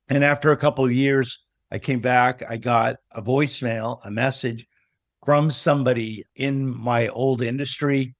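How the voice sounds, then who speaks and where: A man's voice: mid-range voice, normal speed, no room sound, studio quality. A middle-aged man, a business coach, tells a personal story as a guest in a casual interview, acting out the lines of the people in it. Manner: animated storyteller who acts out remembered dialogue.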